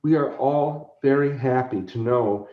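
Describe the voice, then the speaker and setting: A man's voice: mid-range voice, unhurried, lightly acted. Man doing a sweet proper victorian mum, prim, echoey dull room. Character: gentle loving Victorian mother. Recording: roomy, slightly dull recording.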